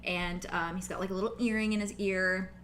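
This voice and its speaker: A woman's voice: medium pitch, fairly even intonation, a little fast, a bit bright, slight background noise. A woman running a tabletop game as game master, narrating casually with lots of fillers, over a video call.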